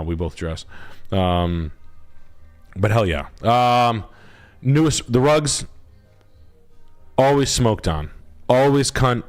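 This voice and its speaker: Rambling, foul-mouthed male stream host. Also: on the low side. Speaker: livestream host, realtor. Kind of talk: loose, crude banter on a live stream.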